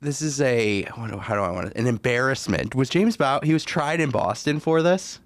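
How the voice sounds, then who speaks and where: A man's voice: mid-range voice, animated, a little fast, no room sound. A man co-hosting a casual podcast, chiming in with wry jokes. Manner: wry, jokey interjections. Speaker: podcast co-host. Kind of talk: casual chat.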